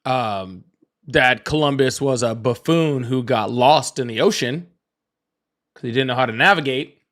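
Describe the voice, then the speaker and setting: A man's voice: medium pitch, fairly bright tone. A man talks casually to his livestream viewers in a mid-range voice. He rambles, restarts his sentences and breaks off to greet people in the chat. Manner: rambling, chatty, greets viewers, quick asides. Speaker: livestream host. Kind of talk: casual live-stream chat.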